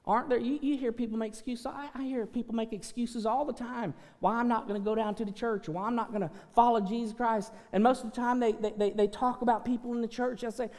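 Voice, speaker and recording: A middle-aged man preaching a sermon, folksy and earnest, swinging from loud exhortation to soft pleading. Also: extremely high pitch, steady tone, fast talker, hardly any pauses. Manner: repeats words when restarting, folksy asides. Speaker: pastor. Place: church sanctuary. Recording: long hall reverb.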